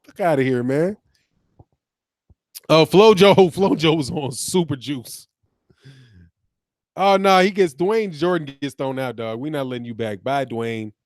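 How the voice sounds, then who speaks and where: A high-voiced man hosts a casual livestream, reading comments aloud and firing back at them. He is animated and profane and laughs often. The sound is dry and close to the mic. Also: measured pace, long pauses, no echo. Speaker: boxing channel host.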